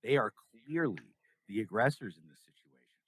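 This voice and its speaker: A man's voice: mid-range voice, lively intonation, a little fast, no echo, poor audio. A young man from California, a podcast guest, telling a story in casual interview talk and acting out the dialogue.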